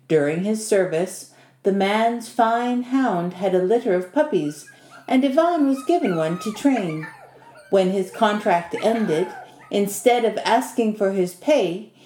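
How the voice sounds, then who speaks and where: A woman narrating a folk tale in a measured, expressive storytelling manner. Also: mid-range voice, reverberant.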